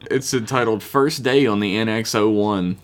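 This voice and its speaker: A man's voice: fairly low pitch, moderate pace. A man co-hosting a podcast, reading listener emails aloud with dry, joking asides and swearing. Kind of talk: casual comedic chat.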